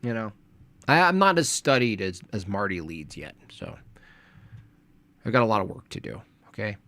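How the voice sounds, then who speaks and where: Lively, hedging male streamer. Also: fairly low pitch, normal speed. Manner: hedging, self-deprecating, rambling. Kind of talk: casual livestream chat.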